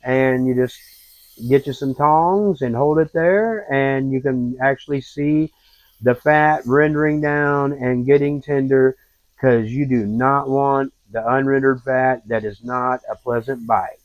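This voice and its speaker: A man hosting a home cooking video, narrating in a relaxed, folksy and rambling way. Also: medium pitch, a little slow, no echo. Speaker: cooking show host. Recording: dull lo-fi, dry.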